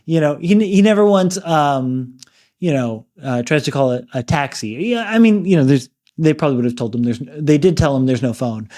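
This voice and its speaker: Brief: male co-host, higher-pitched and mellow, casual book talk, lots of fillers. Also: lively intonation, moderate pace. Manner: chatty, full of "like" and "you know".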